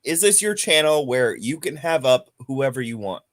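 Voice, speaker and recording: A man's voice: medium pitch, big pitch swings, moderate pace, a bit bright. A man on a livestream panel, asking blunt, pointed questions and joking around. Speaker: panel guest. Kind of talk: casual livestream chat.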